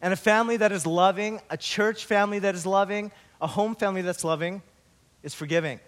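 A man pastor giving a sermon, opening with a story and then preaching slowly and earnestly. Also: high voice, fairly bright tone.

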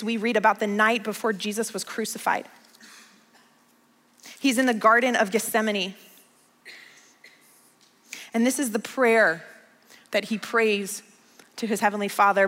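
Bright-voiced woman pastor preaching. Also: on the high side, in a large hall. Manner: storytelling, emphatic repetition. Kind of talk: conversational sermon.

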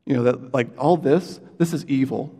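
A man's voice: medium pitch, normal speed, mellow, breathy edge. Earnest man preaching in a reverberant hall. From United States. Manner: earnest, conversational, many fillers and restarts. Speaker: pastor. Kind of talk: sermon.

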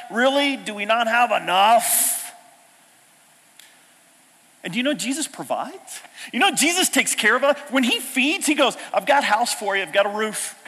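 Animated high-voiced preacher in a reverberant hall. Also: male voice. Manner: animated, swings from loud exclamations to hushed asides. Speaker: pastor. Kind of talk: sermon. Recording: long reverb of a large hall.

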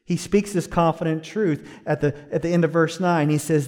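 A middle-aged pastor preaching a sermon, swinging from hushed, slow phrases to loud, high-pitched exhortation. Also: male voice, steady tone, big-room sound.

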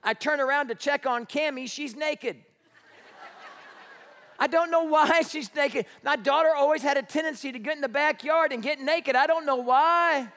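A middle-aged man preaching a sermon as a pastor, telling a family story in an animated way. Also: extremely high pitch, normal speed. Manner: storytelling, animated, shouts in retellings. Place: church sanctuary. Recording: echoey church hall.

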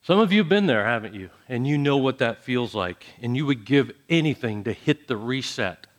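A man preaching a sermon, dramatic, dropping to soft low phrases and then rising to loud emphatic ones. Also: expressive, moderate pace. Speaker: pastor.

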